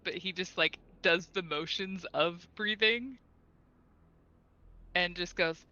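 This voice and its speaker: A player in a tabletop game, describing their character's actions in a rambling, halting way. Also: medium pitch, bright, forceful tone, dull audio. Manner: rambling, halting, full of fillers.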